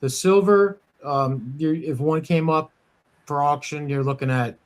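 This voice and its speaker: A man's voice: fairly high pitch, measured pace. A man from the United States hosting a coin dealer podcast, talking casually with many fillers and restarts. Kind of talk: casual shop talk podcast.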